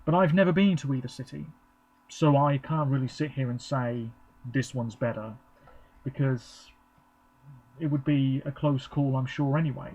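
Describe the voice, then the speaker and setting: A man's voice: medium pitch, moderate pace, a little mellow, poor audio. A man giving a chatty, rambling live reaction, with frequent ums. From England. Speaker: vlogger. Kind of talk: casual live reaction commentary.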